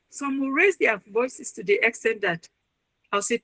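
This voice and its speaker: A woman speaks to a webinar audience in an earnest, advising way, now and then acting out the people she quotes. Her voice is bright and clear, and the sound is close and dry, with almost no room around it. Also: on the high side, lively intonation, fairly quick, dry recording, poor audio. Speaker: webinar speaker, university registrar and counselor. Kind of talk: motivational webinar talk.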